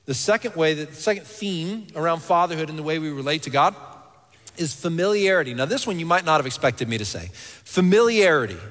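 A man in his thirties, a pastor preaching a sermon, earnest and animated, sometimes dropping to quiet intensity. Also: on the high side. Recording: long hall reverb.

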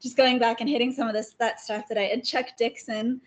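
A woman guest talking casually about her favorite writers, chatty and quick to laugh. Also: fairly high pitch, little pitch movement. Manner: chatty, laughs often, many fillers. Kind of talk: casual interview chat.

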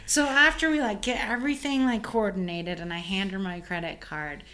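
A woman caterer chatting casually and telling an animated story, full of "like" fillers. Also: mid-range voice, fairly quick. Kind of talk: casual chat.

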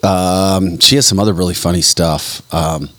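A man's voice: low voice, steady tone, normal speed, a bit bright, dry recording. A man hosting a morning radio show, bantering casually and reading out listener messages. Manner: jokey, reads listener messages aloud.

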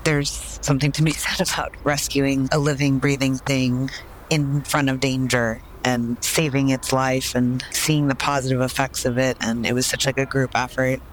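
Brief: man, mid-pitch, earnest and heartfelt storytelling, faint noise behind. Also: level tone, moderate pace, low-quality recording. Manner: earnest, uses "like" as filler. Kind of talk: personal story told on a podcast.

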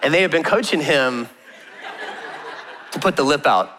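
Male pastor in his thirties, high and bright, chatty storyteller with a joking edge; long hall reverb. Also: expressive, normal speed, some chatter behind, slight background noise. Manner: chatty storytelling with humor and rhetorical questions. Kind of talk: conversational sermon.

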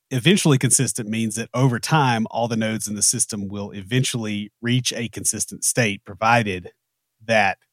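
A man's voice: fairly low pitch, a bit bright, dry recording. A man with a Southern US accent, co-hosting a casual technical talk with dry joking asides. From American South. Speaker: podcast co-host.

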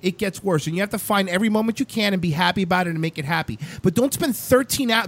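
A young man hosting a loose chat show, ranting and swearing with emphasis. His voice sits fairly high and swings widely in pitch. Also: fairly bright tone, dry recording. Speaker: show host.

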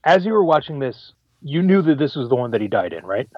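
A man co-hosting a podcast, animated and emotional in casual movie review chat, restarting words as he talks. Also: mid-range voice, brisk, husky, dry recording, lo-fi sound. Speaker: podcast co-host.

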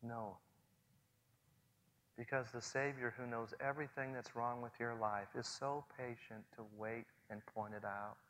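A man in his forties preaching a sermon earnestly, swinging between hushed and loud passages. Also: medium pitch, steady tone, measured pace. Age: 40s. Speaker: pastor. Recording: long hall reverb.

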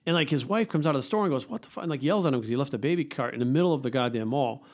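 A middle-aged man, a fitness coach, chatting as a podcast guest and telling stories in a quick, profane, animated way. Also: medium pitch. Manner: fast, profane storytelling. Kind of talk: casual interview chat.

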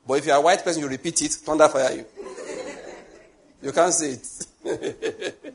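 A man with a Nigerian accent preaching a sermon as pastor, joking and digressing, then slowing down to spell out his points one by one. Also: a little high, slight background noise. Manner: joking, digressive, laughs often between points; slow, spelled-out teaching with lists.

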